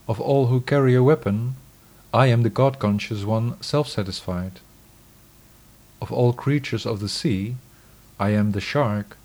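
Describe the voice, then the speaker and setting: A man giving a scripted scripture reading in a measured, solemn, declamatory way. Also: medium pitch, a little mellow.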